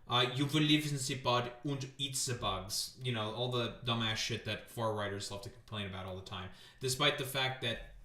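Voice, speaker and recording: Sarcastic, profane streamer. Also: male voice, medium pitch, fairly bright tone. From Canada. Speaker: streamer host. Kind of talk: casual political commentary. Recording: roomy echo.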